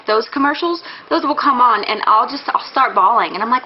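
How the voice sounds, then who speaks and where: A woman's voice: fairly high pitch, moderate pace, hardly any pauses, lo-fi sound, a little hiss or hum. A young woman talking casually in a pregnancy vlog, rambling with many fillers and restarts, candid and a little embarrassed. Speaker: vlogger.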